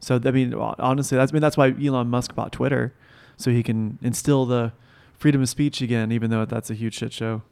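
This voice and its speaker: A man in relaxed casual conversation, talking loosely with many fillers. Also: medium pitch, a little fast, creaky, hardly any pauses, smooth. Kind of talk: casual chat.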